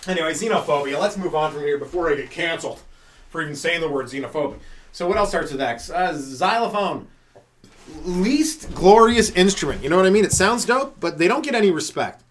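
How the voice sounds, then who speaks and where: A man's voice: a little high, expressive, brisk, reverberant, far from the mic. A man doing a loose, profane comedy podcast monologue, full of rhetorical questions. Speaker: stand-up comedian podcast host.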